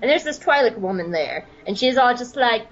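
A woman's voice: a little high, expressive, fairly quick, dull audio. Giggly woman rambling through a comic recap. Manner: rambling, giggly, profane storytelling. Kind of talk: comedic recap with quoted character voices.

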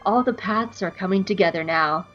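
A woman's voice: mid-range voice, moderate pace, lo-fi sound, soft background music, voice pushed down, lightly acted. A woman voicing a laid-back male Jedi master who speaks in an offhand, mock-wise drawl. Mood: shrugging.

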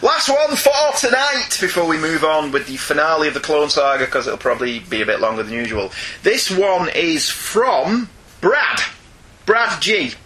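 High, lively podcast host. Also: male voice, normal speed, background noise. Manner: jokey, laughs often, teasing. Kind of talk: casual chat reading listener emails.

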